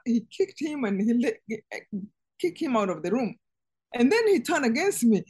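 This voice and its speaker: A woman guest giving an earnest personal testimony in conversation, halting and restarting as she speaks. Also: fairly high pitch, big pitch swings, a little mellow, slightly rough. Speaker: interview guest.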